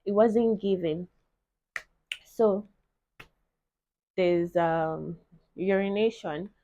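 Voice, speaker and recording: Young woman vlogger, animated storyteller, mellow tone, dry lo-fi recording. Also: mid-range voice, very slow, a little hiss or hum. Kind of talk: casual chat to camera.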